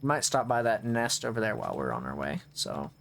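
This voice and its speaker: A man's voice: fairly low pitch, big pitch swings, fairly quick, gravelly, a bit bright, slight background noise. A man streaming a video game, giving casual running commentary that rambles and often restarts mid-thought to correct himself.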